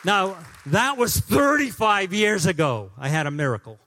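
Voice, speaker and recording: Male guest pastor, 50s, preaching in church: humorous, animated, fairly high-pitched, loud-to-soft swings. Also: moderate pace, some chatter behind. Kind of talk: sermon. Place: church sanctuary.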